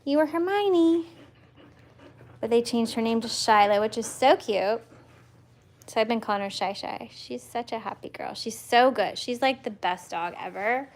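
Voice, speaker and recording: A woman's voice: fairly high pitch, steady tone, moderate pace. A woman dog breeder hosting a casual livestream from her home, chatting in a rambling way with fillers and restarts, and now and then cooing baby talk at her dogs. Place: at home with a litter of puppies.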